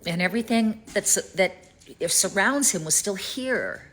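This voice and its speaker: A woman's voice: mid-range voice, lively intonation, a little slow, a bit bright. A middle-aged woman from East Tennessee with a Southern accent, rambling in a worried personal vlog and trailing off to near-whispers. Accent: Southern American. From East Tennessee, United States. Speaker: vlogger. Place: rented home in Canada.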